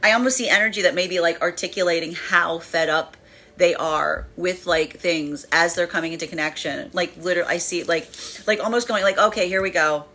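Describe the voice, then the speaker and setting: Bright, lowish-voiced woman for a casual, rambling tarot reading. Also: brisk. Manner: rambling, many fillers, acts out voices with laughter. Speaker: tarot reader.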